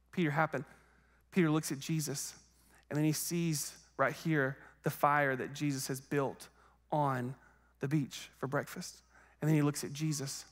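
A man's voice: fairly high pitch, long reverb tail. Conversational young male preacher. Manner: conversational storytelling, acts out quoted voices. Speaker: guest preacher. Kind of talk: sermon. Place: church sanctuary.

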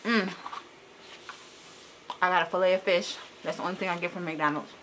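A woman talks casually to viewers from her car, with the camera sitting on the dashboard. She is chatty and animated but her nerves show. A faint hum of noise stays under her voice. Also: moderate pace. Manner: chatty and animated, rising high when annoyed. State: anxious, shaky nerves. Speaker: vlogger. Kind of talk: casual vlog chat. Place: parked car.

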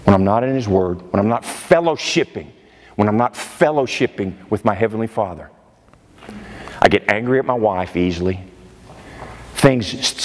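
A man's voice: medium pitch, big-room sound. A male preacher delivering a sermon in an emphatic way, often exclaiming in disbelief. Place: church sanctuary.

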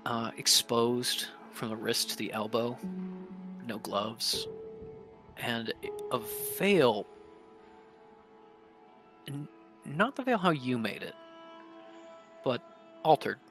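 A man narrating as game master of a tabletop game, in a hushed, measured way. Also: medium pitch, animated, soft background music.

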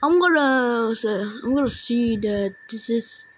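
Excitable high-voiced woman gaming. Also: measured pace. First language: Indonesian. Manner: excitable, yelling taunts at other players. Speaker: gamer. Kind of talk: casual gameplay commentary.

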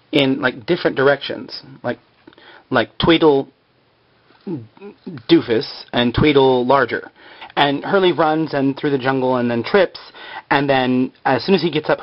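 A man's voice: mid-range voice, muffled recording. A man casually retelling a TV episode in a rambling, filler-heavy way. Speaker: show recapper.

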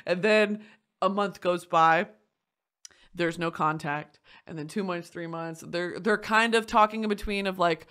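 A woman hosting a podcast, chatting casually in an animated way, swearing often and laughing through a story. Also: lowish voice, a little slow, smooth. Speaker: podcast host. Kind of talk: casual chat.

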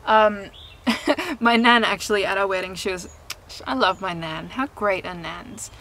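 A woman's voice: mid-range voice, unhurried, fairly bright tone, slight background noise, low-quality recording. A young woman chatting candidly to camera outdoors in a vlog, laughing often and swearing casually. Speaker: vlogger and singer. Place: outdoors in sunshine.

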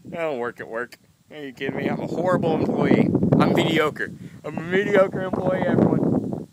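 A man's voice: a little high, normal speed, very noisy. Rambling young man vlogging casually. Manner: rambling, laughing, self-mocking. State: just woke up.

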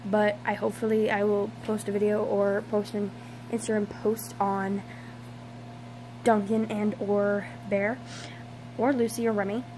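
A tired young woman chatting casually in a home vlog, soft and hesitant with many pauses and ums. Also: medium pitch, level tone, noisy background. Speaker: vlogger. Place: home, indoors.

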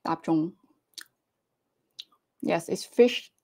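Slow-talking woman hosting a livestream. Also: darkish tone. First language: Cantonese. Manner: slow, halting, laughs often. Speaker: livestream host. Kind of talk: casual live-stream chat.

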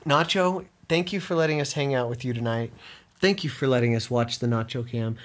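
A woman's voice: very deep voice, fairly quick. A woman hosting a casual live stream, chatting to her viewers and talking to her small dog by turns.

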